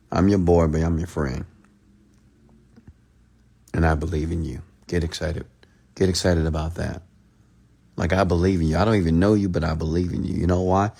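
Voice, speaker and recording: A man giving a late-night motivational livestream rant as a mentor, speaking straight to his listeners. He repeats phrases, swinging from loud pleading to a hushed, close tone. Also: low voice, gravelly. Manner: repetitive, direct address to the listener.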